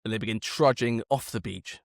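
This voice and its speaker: A man co-hosting a casual history podcast, telling the story in an animated way, swearing now and then and slowing down for emphasis. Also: on the low side, creaky, no echo, clean studio sound.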